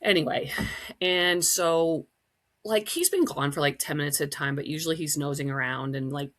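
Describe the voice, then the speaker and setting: A woman's voice: lively intonation, moderate pace, fairly bright tone. A middle-aged woman from Wisconsin hosting her own podcast, chatting casually and telling a story with lots of fillers. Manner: chatty, storytelling, many fillers, acts out quotes in a high voice. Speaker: podcast host. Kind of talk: casual solo podcast chat.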